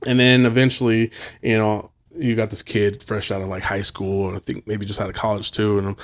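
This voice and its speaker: A man's voice: lowish voice, fast talker. Man, podcast host, thirties, casual chat, swearing, storytelling, quoted voices. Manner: profane, storytelling, acts out voices.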